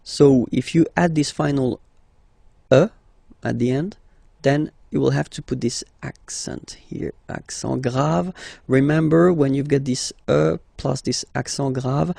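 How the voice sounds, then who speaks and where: A man teaches a language lesson at an unhurried pace, stretching each example word and checking in often. His voice is mellow and gravelly with some fry. The recording is dry and close, with no room around it. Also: medium pitch, dry recording. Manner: patient, drawn-out example words, repeats "okay?". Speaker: French teacher. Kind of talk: language lesson explaining pronunciation.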